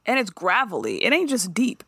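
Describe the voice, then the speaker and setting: A woman co-hosting a podcast, recapping a show in casual chat with animated, profane storytelling and quick character impressions. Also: medium pitch, husky, dry recording, studio quality.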